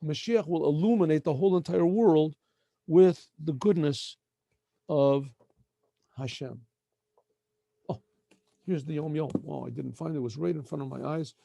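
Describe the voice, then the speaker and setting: A middle-aged man, a rabbi teaching a casual daily lesson, who often clears his throat and corrects himself as he goes. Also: on the high side, moderate pace, long pauses, dark tone, no echo. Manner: frequent throat-clearing, self-correcting and meandering.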